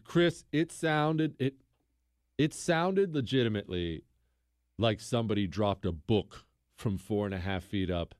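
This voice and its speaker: A man hosting a radio talk show, telling a story in an animated, joking way and teasing his co-host. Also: on the low side, unhurried, dry recording, studio quality.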